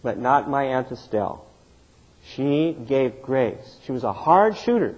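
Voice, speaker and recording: A middle-aged man preaching a sermon as pastor, telling stories with animated swings in pitch and loudness. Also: a little slow, highs cut off.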